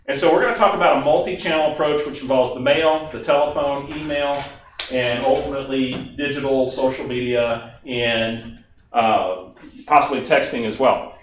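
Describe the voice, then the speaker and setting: A man's voice: medium pitch, normal speed, recorded from a distance. A man giving a training presentation to a class, conversational and engaging, often asking the audience questions. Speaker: instructor. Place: classroom or meeting room. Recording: very echoey room, faint noise.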